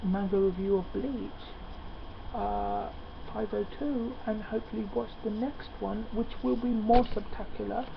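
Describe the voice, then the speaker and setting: A man giving a casual spoken review. He talks excitedly and often stops on "uh" and "um" mid-sentence. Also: high voice, creaky. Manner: excitable, halting with many fillers. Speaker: manga reviewer. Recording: lo-fi with steady background noise.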